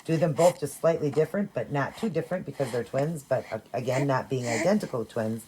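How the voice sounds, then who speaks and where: A woman chatting casually in a vlog, talking softly and fondly while she dresses her dolls. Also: a bass voice, lively intonation, brisk, background noise. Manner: soft, doting, rambling. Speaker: doll collector and vlogger.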